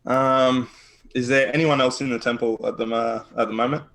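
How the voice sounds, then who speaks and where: A man playing a tabletop role-playing game, describing his character's actions calmly and plainly. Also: mid-range voice, moderate pace. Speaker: player. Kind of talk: casual tabletop play.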